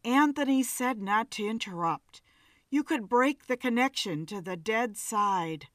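A calm woman at a seance, voiced by the narrator. She cautions in a hushed tone, speaking slowly, and the recording sounds close and dry. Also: fairly high pitch, no echo, recorded from a distance. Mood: hushing.

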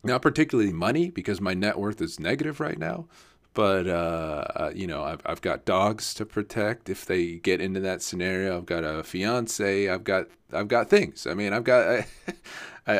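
A young man telling a casual story, rambling and swearing with lots of fillers and restarts. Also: low-pitched.

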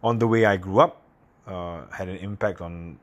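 A man from Singapore, hosting a podcast and telling personal stories in a candid, halting, self-deprecating way. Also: deep voice. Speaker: podcast host. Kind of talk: casual personal monologue.

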